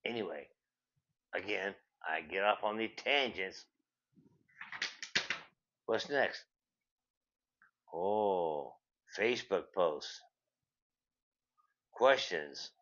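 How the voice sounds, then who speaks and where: Older man, host, swearing rant, repeats words, low bright voice, dull recording. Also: animated, drawn-out words, long pauses. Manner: swears constantly, repeats words, trails into tangents. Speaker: show host. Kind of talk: profane comedic rant. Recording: dull lo-fi sound.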